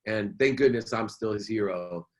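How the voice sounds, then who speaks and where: Speaking at a moderate pace in a fairly low voice, a middle-aged man shares a personal story on a podcast as a guest. He's a businessman and motivational speaker, and he's earnest and emphatic, coming back to key phrases.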